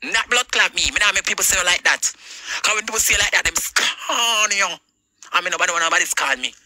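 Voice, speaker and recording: A Jamaican woman delivers a heated livestream rant in a piercing, very sharp voice. She is confrontational and swears heavily, hammering the same points again and again. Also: on the low side, fairly quick, poor audio. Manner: confrontational, repetitive, heavy swearing.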